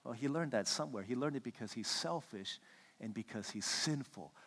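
Animated preaching man in echoey hall. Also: medium pitch, normal speed, husky. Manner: animated storytelling, acts out quotes. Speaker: pastor. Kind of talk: sermon.

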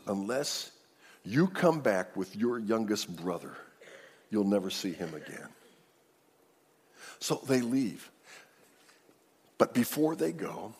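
Middle-aged male pastor, husky, animated sermon storyteller, reverberant hall. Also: medium pitch. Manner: animated, acts out the scripture story.

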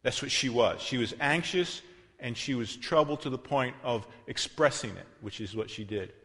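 A man of middle pitch preaches in a loose, conversational way, correcting himself and dropping into asides. He pushes some phrases out loudly and lets others sink almost to a murmur. His voice rings through a long, reverberant hall. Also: normal speed. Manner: swings between loud emphasis and quiet, soft passages. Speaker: pastor. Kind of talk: sermon.

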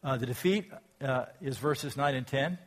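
A pastor preaching a sermon, reading scripture aloud and asking reflective, rhetorical questions. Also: male voice, mid-range voice, normal speed. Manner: reflective, asks rhetorical questions, rises in volume when quoting scripture.

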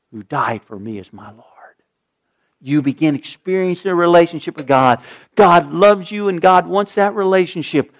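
A male pastor preaching a sermon, swinging from loud emphatic lines to a hushed, slow prayer. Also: on the high side.

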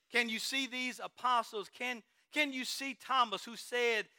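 A man delivers a sermon in a church, his voice pitched very high with a sharp, bright edge. He presses his points with one rhetorical question after another. The sound is dry and close. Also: steady tone, normal speed, few pauses, no echo. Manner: emphatic, repeated rhetorical questions. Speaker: preacher.

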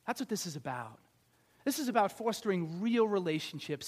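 A male pastor giving a conversational, animated sermon, acting out little scenes. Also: high-pitched.

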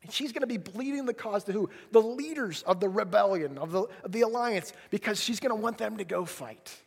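A man preaching a sermon, retelling scripture stories with lively voices and dropping to a hush for God's words. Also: sits high, a little fast, gravelly, breathy edge. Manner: animated, drops to a hushed whisper when voicing God.

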